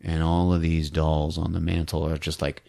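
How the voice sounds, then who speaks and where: A man's voice: extremely low pitch, level tone, moderate pace, creaky, warm tone. A man hosting a podcast, recapping a movie in a casual, giggly storytelling way. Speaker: podcast host.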